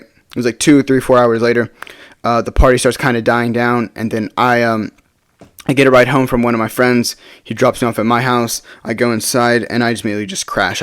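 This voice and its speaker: A man's voice: mid-range voice, clear, resonant tone, no echo, studio quality. A young man telling a party story casually, rambling with many restarts and acting out what his friends said. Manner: acts out friends' lines in quick quotes.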